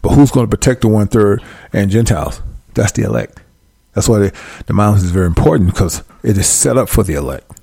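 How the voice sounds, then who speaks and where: A man reading scripture aloud and preaching in a casual livestream, drawing out the verses slowly, then breaking into quick asides and checking that listeners follow along. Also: fairly low pitch, gravelly, mellow, slightly rough, no room sound, clean studio sound.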